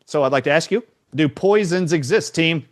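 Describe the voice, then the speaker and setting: A man's voice: on the high side, moderate pace, dry recording, studio quality. A man as a guest on a podcast, explaining his views emphatically and quizzing the hosts. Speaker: guest doctor. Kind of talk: podcast conversation.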